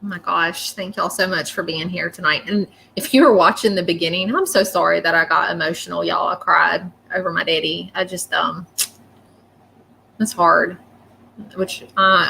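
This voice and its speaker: A woman's voice: lowish voice, gravelly, pushed and bright, a little hiss or hum, poor audio. A woman giving psychic readings on a livestream, chatty, rambling and often apologetic. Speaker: psychic reader.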